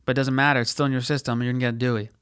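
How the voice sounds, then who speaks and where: A man's voice: medium pitch, level tone, rapid-fire, a bit bright, clear, resonant tone, no room sound, clean studio sound. A man hosting a podcast, telling a story in a casual, profane, slangy way and acting out quotes in put-on voices. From United States. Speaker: podcast host.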